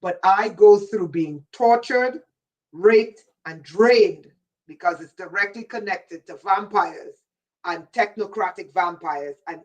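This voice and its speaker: Woman, livestream host, intense rambling warnings, answers chat, mid pitch, a bit distant from the mic.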